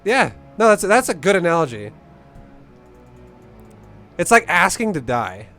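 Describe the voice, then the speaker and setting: A man's voice: high voice, big pitch swings, unhurried, bright, forceful tone, faint music behind. A young man giving blunt, profane, rambling coaching on a game. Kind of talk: casual game coaching commentary.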